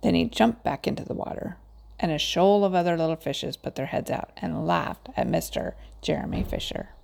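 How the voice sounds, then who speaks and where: A woman narrating a children's storybook aloud in a gentle, measured way. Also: lowish voice, creaky.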